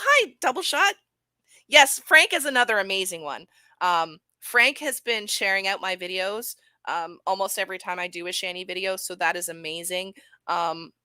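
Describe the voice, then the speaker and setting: A woman's voice: mid-range voice, bright, forceful tone, no room sound. A woman talking casually on a live stream, chatty and giggly, rambling with lots of fillers. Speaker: streamer reviewing videos.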